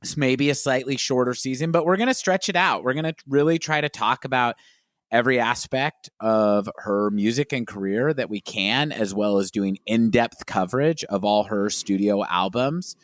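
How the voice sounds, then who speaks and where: This is casual podcast chat, with a male co-host earnestly and lively introducing the new season. His mid-range voice moves at a moderate pace, recorded at studio quality with no room sound.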